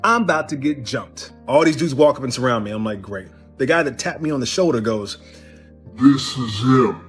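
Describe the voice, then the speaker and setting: A man from Cincinnati, Ohio, telling a comedic bar story in an animated way and acting out the voices of others. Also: medium pitch, brisk, faint music behind.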